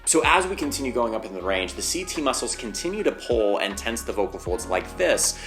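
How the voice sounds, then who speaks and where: A man's voice: medium pitch, big pitch swings, a little fast, fairly bright tone, soft background music. A man teaching singing, explaining vocal anatomy step by step and leaning on the word "basically".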